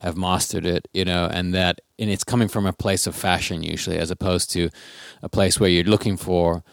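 A man's voice: low-pitched, steady tone, a little fast, vocal fry, no room sound, studio quality. A man co-hosting a podcast in casual, rambling chat, often correcting himself mid-sentence. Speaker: podcast co-host.

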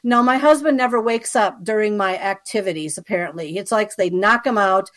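A woman's voice: mid-range voice, fairly quick. A woman being interviewed who tells a personal story in a chatty way, with frequent asides and fillers, and checks in with the listener as she goes. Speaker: interview guest.

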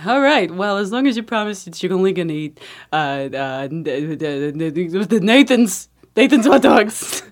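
A woman's voice: fairly low pitch, very animated, moderate pace. A fussy, fretful mother who dotes on her daughter, played by a woman. She nags fondly and stumbles over her words, in a comedy sketch. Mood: doting. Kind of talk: improvised comedy scene.

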